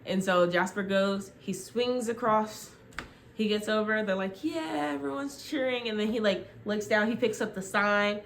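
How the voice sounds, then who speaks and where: A young woman vlogger casually retelling a TV show into her phone, rambling and full of "like" as she acts out quick quotes. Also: medium pitch, a little hiss or hum.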